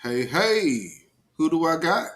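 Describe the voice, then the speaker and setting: A man's voice: fairly high pitch, very animated, slow, a bit bright. A man hosting a casual call-in livestream who laughs easily and talks in a playful, chatty way. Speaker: host.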